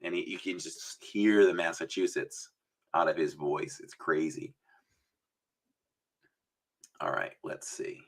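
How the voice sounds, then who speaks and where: A man's voice: low-pitched, fairly even intonation, takes it slowly, creaky, long pauses. A man hosting a casual livestream chat, rambling and chatty, sometimes slipping into an announcer voice. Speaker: livestream host.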